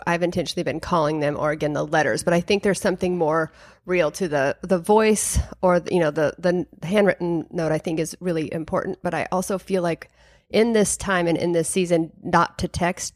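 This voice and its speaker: Woman, church co-leader, podcast guest, sincere, lowish voice, dry sound. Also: darkish tone, no room sound. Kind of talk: podcast conversation.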